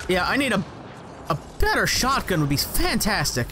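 High, lively young man gaming. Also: normal speed, music in the background. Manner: excitable and sarcastic, swears, talks to the game. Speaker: let's play gamer. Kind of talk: gameplay commentary.

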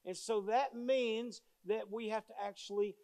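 A man's voice: sits high, steady tone, unhurried, darkish tone, clean tone. A male pastor preaching a sermon with emphasis, repeating key phrases as he tells stories.

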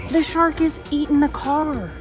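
A mother hosting a casual shopping vlog who gushes excitedly and coaxes her small child with questions inside a large store. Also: high voice, a little slow, music in the background. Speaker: mother and channel host.

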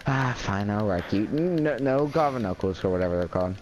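A man's voice: fairly low pitch, expressive, a little fast, poor audio. A man teasing his friend and laughing in casual chat while playing a video game together.

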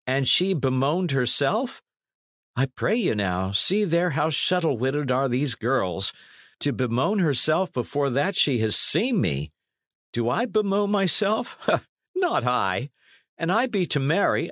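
A bold, good-hearted young squire with hearty old-fashioned speech, voiced by a man reading aloud. His voice sits a little above the reader's own, moves a lot in pitch, and is unhurried. The recording is dry and close. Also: fairly bright tone, no echo, full character voice. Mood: scoffing.

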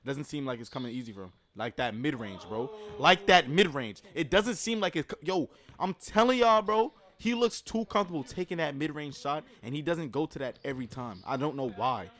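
Male streamer, casual basketball reaction commentary, slangy and excitable. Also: on the high side, a little fast, few pauses. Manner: excitable, loud outbursts, slangy.

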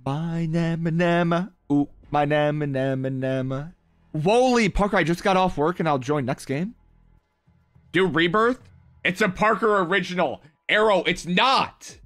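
Hyped young streamer man, slightly high voice. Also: a little slow, pushed and bright, faint music behind. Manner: hyped and playful, slangy banter with chat. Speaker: mobile game streamer. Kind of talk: live gaming stream, reading chat.

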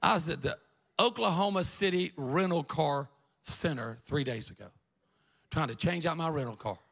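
A middle-aged male pastor, preaching a revival sermon and telling stories in an animated way, often shouting and laughing. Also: a little high, moderate pace, creaky.

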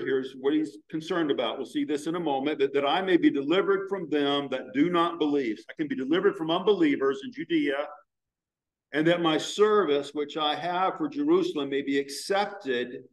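A man preaching a sermon as pastor, earnest, slowing down to stress words from scripture. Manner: prays in a hushed, low voice.

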